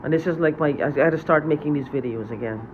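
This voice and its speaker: A man's voice: on the high side, fast talker, narrow, tinny audio, background noise. A tired man in an unscripted vlog monologue, talking in an agitated, profane way and often repeating and restarting his phrases. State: tired from lack of sleep. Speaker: vlogger.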